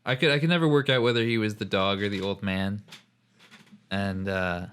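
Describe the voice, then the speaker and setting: A man's voice: fairly low pitch, steady tone, normal speed, fairly bright tone, smooth. A young man on a podcast, chatting casually and rambling with lots of fillers. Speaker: podcast co-host. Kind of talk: casual chat.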